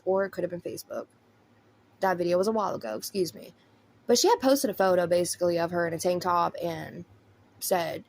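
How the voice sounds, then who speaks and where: A woman's voice: mid-range voice, a little mellow, a little hiss or hum. Blunt Southern woman doing commentary. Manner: chatty, blunt, says y'all. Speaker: commentary host. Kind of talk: casual commentary.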